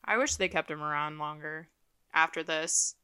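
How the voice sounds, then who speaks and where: A woman co-hosting a podcast, chatting casually about a TV episode and chiming in with quick reactions and opinions. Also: low-pitched, pushed and bright, smooth, no echo, studio quality. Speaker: podcast co-host. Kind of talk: casual TV episode recap chat.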